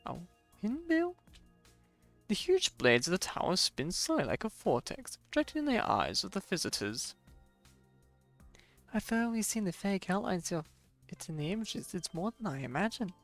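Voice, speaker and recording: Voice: medium pitch, big pitch swings, normal speed, fairly bright tone, faint music behind. Streamer reading a game story aloud. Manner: reads narration aloud, stumbles over words and chats in asides.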